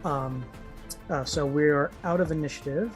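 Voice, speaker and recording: A man's voice: fairly high pitch, measured pace, faint music behind. A man narrating as game master in a live-play tabletop game, describing scenes in a rambling way full of fillers.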